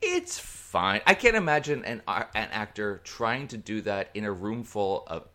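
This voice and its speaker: Male co-host, low register, swooping lively delivery, rambling conversational talk. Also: normal speed. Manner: animated, rambling, trails off mid-sentence. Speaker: podcast co-host. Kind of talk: casual chat.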